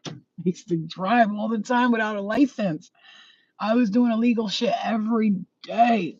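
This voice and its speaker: A young woman talks through an intuitive reading in a rambling, emotional way, cursing freely and laughing at herself. Her voice sits at a middling pitch. The recording is dry and a little dull, like a lo-fi mic. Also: moderate pace, darkish tone, slightly rough, dry recording. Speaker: spiritual channeler.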